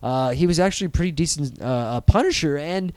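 Brief: a man, animated podcast co-host, smooth clear voice slightly high, dry close sound. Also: no echo. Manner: animated, profane, riffing with quick impressions. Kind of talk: casual chat.

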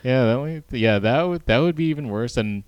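A man's voice: mid-range voice, animated, moderate pace, a little mellow, clean tone, no room sound, dull audio. A man co-hosting a podcast in casual chat, laid-back, laughing often and answering briefly. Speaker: podcast co-host.

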